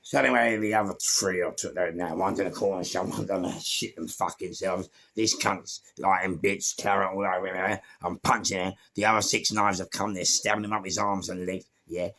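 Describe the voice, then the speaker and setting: A man with a London accent telling a story in a casual, animated way, swearing freely and throwing in sound words and laughs. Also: low voice, moderate pace, hardly any pauses. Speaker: former gangster telling his story.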